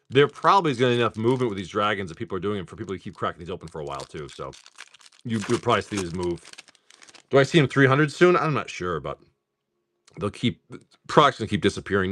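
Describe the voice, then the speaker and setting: A man's voice: fairly low pitch, bright, forceful tone. A man hosting a live card-opening stream, chatting casually and profanely while he calls out pulls and jokes about comedy films. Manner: loose and profane, laughing, quoting comedy films.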